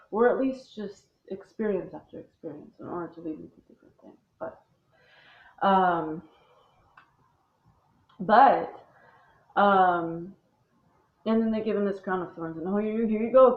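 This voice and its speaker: A woman's voice: on the low side, a little slow, long pauses. A woman speaking in a long rambling monologue, blunt and profane and full of restarts. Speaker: speaker on religion. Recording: tinny phone-like sound in an echoey room.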